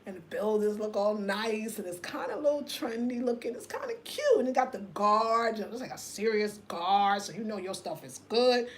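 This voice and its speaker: A woman, hosting a casual livestream rant, telling an animated story straight to her viewers and reading their comments aloud. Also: medium pitch, moderate pace, few pauses, a little hiss or hum. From United States. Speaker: host.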